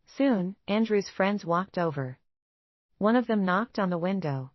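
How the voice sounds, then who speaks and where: A woman giving scripted romance narration in an even, steady reading. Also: mid-range voice, unhurried, no echo, muffled recording.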